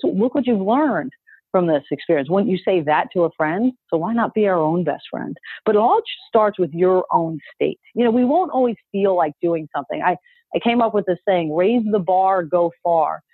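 A woman with a fairly low, husky, expressive voice gives an upbeat and emphatic motivational talk at a moderate pace, urging listeners to echo her phrases. She's a coach heard on a call, and the audio is dry and tinny like a phone line with no room sound.

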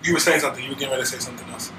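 A male interviewer asking relaxed, curious questions in a casual, joking manner. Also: mid-range voice, very fast, reverberant, recorded from a distance, very noisy.

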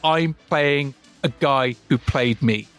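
A man's voice: medium pitch, slow pace, fairly bright tone, smooth, faint music behind. A man co-hosting a podcast, chatting casually in a blunt, sweary and wry way. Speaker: podcast co-host. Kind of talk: casual chat.

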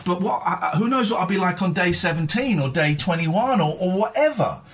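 Earnest, lively-voiced man confessing on air. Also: high-pitched, slightly rough. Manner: earnest, confessional, halting with many restarts. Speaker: radio show host. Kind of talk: candid radio chat.

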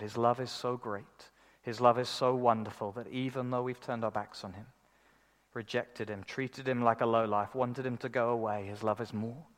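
Man, preacher, conversational sermon, earnest, mid-pitched voice. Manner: earnest, conversational, repeats words when starting a thought.

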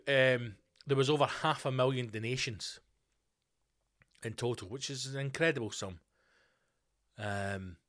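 A man's voice: mid-range voice, fairly bright tone. A man hosting a podcast, ranting in a profane, rambling comic monologue. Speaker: podcast host.

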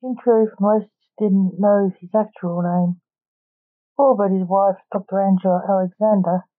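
Lady reading a story real slow, tinny phone-ish audio. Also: medium pitch, steady tone, dry recording.

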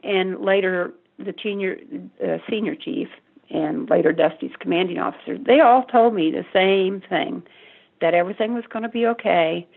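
An older woman, a mother, recalling in halting, stuttering speech how she learned her son was involved in a crime. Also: on the low side, gravelly, breathy edge. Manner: halting, stuttering, many restarts. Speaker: mother of the convicted man, interviewee. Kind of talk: emotional personal recollection. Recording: tinny phone line.

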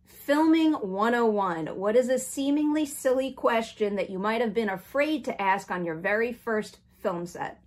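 A woman's voice: a little high, normal speed, hardly any pauses. A woman hosting a casual interview show, upbeat and playful as she reads out game questions. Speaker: host.

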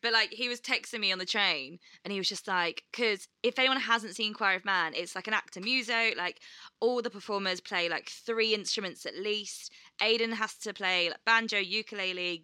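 A woman chatting on a podcast with a bright, forceful voice. She tells stories animatedly, jumps into other people's voices and swears freely. The sound is dry and close. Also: mid-range voice, normal speed, clean tone, no echo. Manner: animated storyteller, acts out quotes, swears freely. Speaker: podcast co-host. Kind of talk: casual chat.

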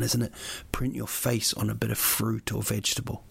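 Gravelly-voiced man rambling on a podcast. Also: fairly low pitch, flat delivery, moderate pace, dry recording. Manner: rambling, jokey, playful asides. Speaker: podcast host. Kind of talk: rambling solo podcast monologue. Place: lives in Sweden.

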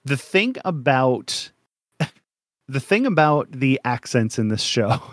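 A man's voice: mid-range voice, very animated, slow, dry recording, clean studio sound. A man co-hosting a casual podcast, rambling with lots of fillers and frequent laughter. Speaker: podcast co-host.

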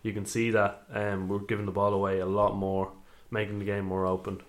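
Male co-host, lowish voice, calm analytical pundit. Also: fairly quick. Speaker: podcast co-host. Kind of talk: casual football chat.

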